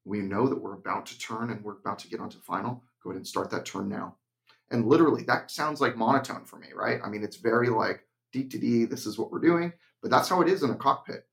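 Man, low voice, gravelly, blunt, emphatic, casual podcast chat. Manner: blunt, emphatic, slips into a deliberate monotone when acting out cockpit instructions. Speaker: podcast co-host, flight instructor.

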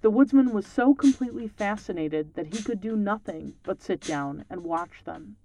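A podcast host telling old folktales in calm, measured, scripted narration, pausing to reflect between passages. The pitch sits in a middle register. Faint music runs quietly beneath the voice. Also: creaky.

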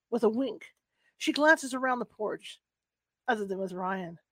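A woman with a fairly high voice reads a first-person novel aloud. She keeps a soft, unhurried pace and sometimes stumbles and restarts a word. The sound is close and dry. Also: animated, no room sound. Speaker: book reader.

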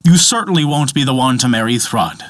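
A man's voice: mid-range voice, animated, fairly quick, fairly bright tone, no room sound, studio quality, close to an everyday voice. A man doing an indignant thunder god. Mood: mocking. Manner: commanding, indignant. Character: indignant mighty male thunder god, a father.

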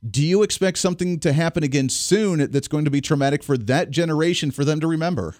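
A man hosting a political talk radio show, speaking in an emphatic, animated way that rises on key words. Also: a little high, quick pace, dry recording, studio quality.

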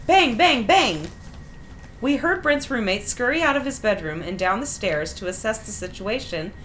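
A woman in her thirties, a podcast host, who reads stories aloud in a wry, animated way and laughs often. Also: medium pitch, a little hiss or hum. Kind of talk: reading listener stories aloud with chat.

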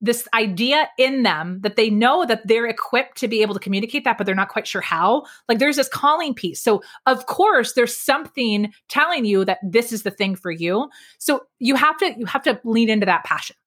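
A woman's voice: on the high side, moderate pace, few pauses. A woman guest, a public speaking coach, talking energetically and emphatically in a casual interview over a video call. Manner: energetic, emphatic, self-deprecating.

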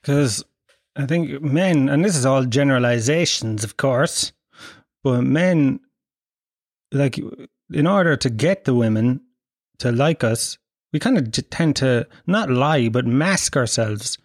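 A man's voice: medium pitch, animated, slow, dry recording, clean studio sound. Wry man telling rambling stories. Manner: rambling, profane, wry, laughs mid-sentence. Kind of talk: casual comic storytelling.

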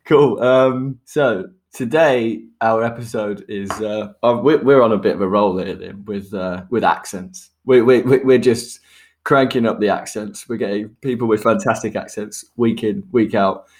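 A man's voice: on the low side, normal speed. A man hosting a podcast in casual chat, joking and laughing often and repeating words as he goes. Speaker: podcast host.

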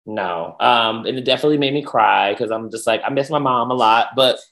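A man's voice: medium pitch, fast talker, gravelly, fairly bright tone. Man telling a story in casual chat. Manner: emotional storytelling with playful sass. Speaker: podcast co-host.

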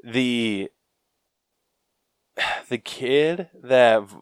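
A man's voice: mid-range voice, extremely slow, clear, resonant tone, no echo, clean studio sound. A man co-hosting a podcast, chatting casually about a movie in a laid-back way and reading trivia aloud. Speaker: podcast co-host.

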